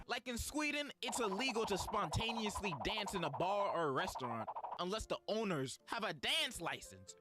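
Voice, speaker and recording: A young man streamer doing sarcastic, mock-outraged comedic commentary. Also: high voice.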